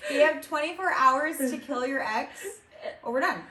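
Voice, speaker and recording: Young woman podcast host, laid-back and dry, bright sharp voice, echoey room far from the mic. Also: sits high, normal speed. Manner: laid-back, short replies, dry jokes. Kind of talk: casual chat.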